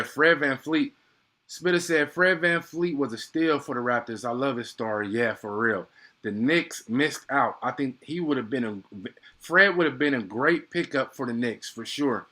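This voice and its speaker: Bright excitable young man calling a game. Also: mid-range voice. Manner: excitable, slangy, chatty with viewers. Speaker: live play-by-play streamer. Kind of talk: casual live play-by-play commentary.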